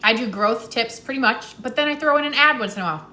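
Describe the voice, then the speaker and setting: Bright chatty woman hosting a live stream. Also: fairly high pitch, fast, reverberant. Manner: chatty, laughs often, talks while eating. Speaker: host of a live TikTok tips stream. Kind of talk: casual live-stream chat.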